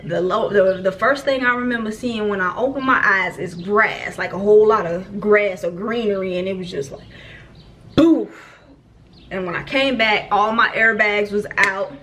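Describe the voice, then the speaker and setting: A young woman telling a storytime vlog in casual, slangy talk, acting out her own frantic shouts when she quotes herself. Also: medium pitch, fairly even intonation, moderate pace, hardly any pauses, slight background noise. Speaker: vlogger.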